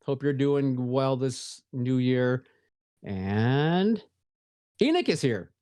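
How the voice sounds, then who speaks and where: A man's voice: medium pitch, animated, takes it slowly, a little mellow, clear, resonant tone, no echo, studio quality. A man co-hosting a casual podcast, easygoing and joking as he greets chat viewers by name. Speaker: podcast co-host.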